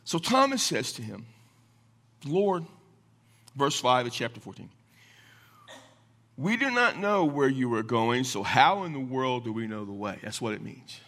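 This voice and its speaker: A Baptist pastor teaches from scripture in a mid-range voice, speaking a little slowly with frequent pauses. His sermon is emphatic, animated and conversational, with chuckles between points.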